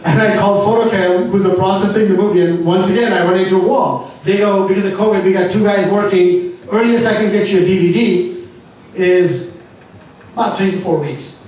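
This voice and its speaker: A man speaking at an entrepreneur meet-up, telling a lively story and acting out what people said. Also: sits high, a little fast. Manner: animated storyteller acting out dialogue. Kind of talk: animated storytelling talk. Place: event venue. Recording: echoey room from far off with faint ambience.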